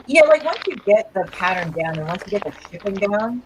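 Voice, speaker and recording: A woman's voice: mid-range voice, big pitch swings, a little fast, a crowd in the background, rough recording. A woman co-hosting a casual live-stream chat, bawdy and full of jokes. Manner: bawdy, joking. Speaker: co-host.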